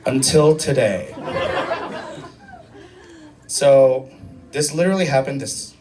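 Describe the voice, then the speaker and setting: A man's voice: mid-range voice, slow pace, a crowd in the background, noisy background. A man performing a stand-up comedy set in a club, telling a story and acting out the voices of the people in it. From Korea. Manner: animated storytelling, acts out voices. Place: comedy club stage with live audience. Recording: live club recording from some distance, audience laughter.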